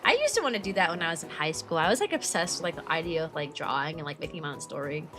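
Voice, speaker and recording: A woman's voice: deep voice, very animated, rapid-fire, music in the background. A young adult woman streaming as a VTuber, chatting casually with viewers, filling her talk with "like" and laughing often.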